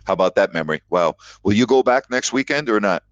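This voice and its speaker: A very deep-voiced man hosts a live call-in sports talk show, telling stories with emphatic repetition. The sound is dry and close, with dull lo-fi audio. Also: animated, fast, no echo. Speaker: sports radio host.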